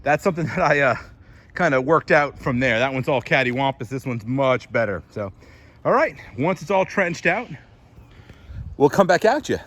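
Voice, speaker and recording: A man's voice: medium pitch, expressive, normal speed, fairly bright tone. A man hosting a casual homestead how-to vlog outdoors in his garden, chatty, explaining as he works and a bit out of breath. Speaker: homestead vlogger.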